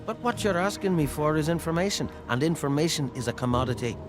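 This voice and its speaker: An actor with an Irish accent playing a sly, scheming male saloon owner in a video game, talking in a smooth, sardonic, wheedling way. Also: a little high, expressive, fast, natural voice. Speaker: game character. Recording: game audio with music underneath.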